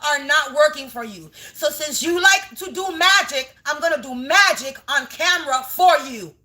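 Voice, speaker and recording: High, bright-voiced woman giving emphatic warnings. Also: lively intonation, normal speed. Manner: emphatic, repetitive warnings with frequent swearing. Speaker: tarot and energy reader. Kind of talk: spiritual reading vlog to camera.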